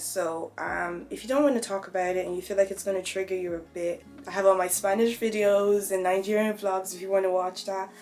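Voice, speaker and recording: A young woman speaks openly and reflectively in a personal vlog, keeping things conversational. Her voice is medium-pitched with a darkish tone.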